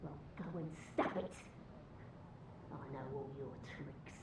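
Bitter elderly shut-in, scolding and resentful, game voice in a hissy room. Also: female voice, deep voice, slow pace. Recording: game audio, echoey with noise.

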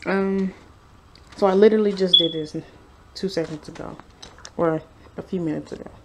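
A woman's voice: on the low side, fairly even intonation, normal speed, background noise. A young woman vlogging from home, reading her study notes aloud in a casual, hedging way and often saying she is unsure. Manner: unsure, hedging, chatty with fillers. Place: at home, sister snoring nearby.

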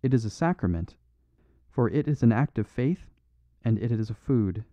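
A man voicing a priest and amateur detective who speaks gently and quietly. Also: medium pitch, animated, moderate pace, dry recording, natural voice. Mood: urgent. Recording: dull dry recording.

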